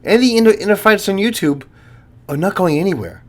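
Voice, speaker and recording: A man's voice: high voice, lively intonation, fairly quick. Blunt, swearing retired cop in his fifties. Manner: blunt, profane, lecturing. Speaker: retired police officer, channel host. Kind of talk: casual monologue to viewers.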